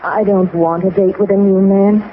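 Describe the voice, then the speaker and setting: A woman's voice: mid-range voice, steady tone, moderate pace, slight background noise, lightly acted. An actress playing a shy, reluctant woman in her thirties in a 1940s radio comedy, on a dull old broadcast recording. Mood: meek. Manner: meek, reluctant.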